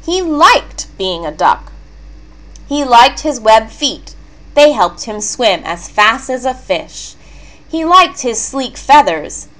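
A woman reads a children's story aloud at an unhurried pace. Her voice sits a little high and moves expressively. She keeps it clear and careful for young listeners. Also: a bit bright. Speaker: narrator.

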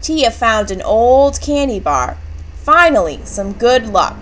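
A woman reading a children's book aloud, with clear and expressive storytelling. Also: fairly high pitch, slow pace, slight background noise, rough recording. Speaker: storybook reader.

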